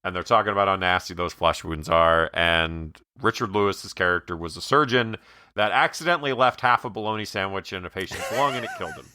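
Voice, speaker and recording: A man's voice: sits low, brisk, bright, forceful tone, no echo, clean studio sound. A man co-hosting a movie podcast, casually and enthusiastically retelling a favorite scene and laughing along. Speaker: podcast co-host. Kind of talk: casual movie review chat.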